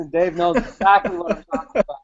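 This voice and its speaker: A podcast host with a high-pitched, breathy-edged voice tells a personal race story at a moderate pace, and the audio sounds dull. He's casual and vivid, swearing freely and quoting his own inner thoughts.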